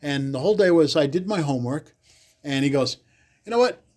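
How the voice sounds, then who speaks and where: A man, a podcast guest telling loud, animated stories in casual chat, cursing freely and acting out the people he quotes. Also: on the high side, brisk. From the Bronx, New York. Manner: animated, swears freely, acts out quotes loudly. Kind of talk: casual storytelling.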